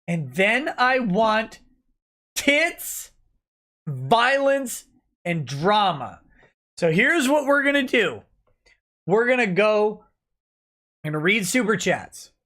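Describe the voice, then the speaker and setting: Slow-talking drunk man ranting. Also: sits high, fairly bright tone. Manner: angry, profane ranting. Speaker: livestream host. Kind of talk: late-night livestream rant.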